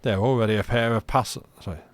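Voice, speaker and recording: A man voicing an irritable, impatient woman artificer with a Yorkshire accent, curt and gruff, reading a story game aloud. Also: fairly low pitch, steady tone, fast talker, no echo, lightly acted. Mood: irritated. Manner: curt, gruff, loud and exasperated.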